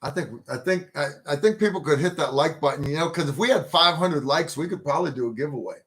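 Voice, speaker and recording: A man's voice: a little high, fast talker, fairly bright tone. A man hosting a casual livestream, rambling and joking about himself. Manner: joking, rambling, self-deprecating. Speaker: livestream host.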